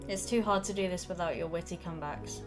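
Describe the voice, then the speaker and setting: A woman's voice: lowish voice, fast talker, over music, natural voice. Woman reading as a wry older witch. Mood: wistful. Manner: wry, tender.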